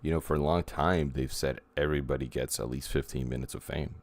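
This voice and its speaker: A man's voice: very deep voice, steady tone, fairly quick. A man co-hosting a podcast in casual chat, wry and teasing. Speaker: podcast co-host.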